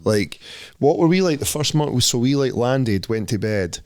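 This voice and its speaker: A man's voice: medium pitch, lively intonation, normal speed, darkish tone, clear, resonant tone, no room sound. Blunt sweary Scottish man, dry sound. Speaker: podcast co-host. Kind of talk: casual chat.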